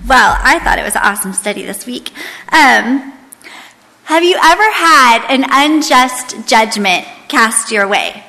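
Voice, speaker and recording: A woman in her thirties with a high, bright voice talks to a women's group in a chatty, rambling way. She leads a Bible study, and her voice carries a long hall reverb. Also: animated, measured pace. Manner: chatty, many fillers and restarts. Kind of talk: casual storytelling to a women's group.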